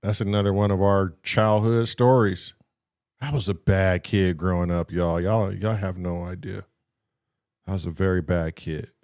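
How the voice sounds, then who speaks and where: A man's voice: deep voice, moderate pace. A man co-hosting a podcast, telling a childhood story in casual chat, laughing and acting out the voices in it. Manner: animated, laughing, acts out voices in his story. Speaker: podcast co-host.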